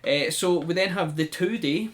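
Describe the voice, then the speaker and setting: A man hosting a podcast, telling things in a chatty, animated way with frequent laughs. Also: on the high side, moderate pace. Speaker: podcast host. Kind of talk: casual chat.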